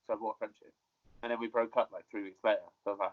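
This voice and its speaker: A man who is a mixed martial arts fighter, chatting as an interview guest over a video call, relaxed, swearing casually and repeating his words. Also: medium pitch, rapid-fire, dull audio.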